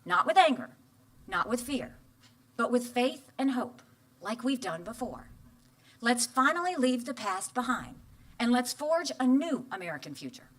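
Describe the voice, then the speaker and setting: A woman politician giving an earnest campaign speech in a measured, oratorical manner. Her voice sits somewhat high. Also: very animated.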